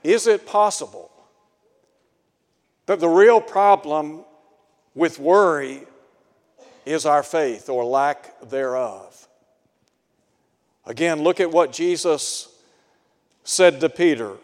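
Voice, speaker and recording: A man's voice: a little high, slow pace, long pauses. A man preaching a sermon in an earnest way, asking his listeners rhetorical questions. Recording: long hall reverb.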